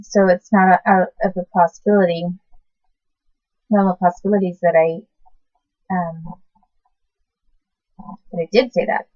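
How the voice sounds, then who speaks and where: A woman in her forties recalling the past in a casual, halting way, often stopping to correct herself and search for words. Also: on the low side, steady tone, dry recording. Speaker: recalling past babysitting work. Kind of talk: casual personal recollection to camera. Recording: dull lo-fi sound.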